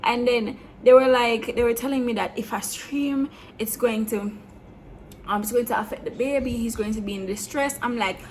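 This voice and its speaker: A young woman telling a storytime vlog, blunt and animated, slipping between patois and standard English. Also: fairly high pitch, moderate pace, a little hiss or hum. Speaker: vlogger. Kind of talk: storytime monologue.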